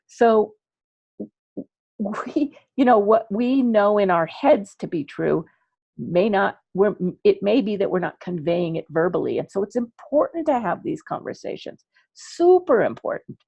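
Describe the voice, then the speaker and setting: A woman coaching parents in an online class, chatty and animated, acting out little dialogues as she explains. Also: mid-range voice, unhurried, creaky, husky, no room sound, lo-fi sound. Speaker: ADHD coach teaching parents.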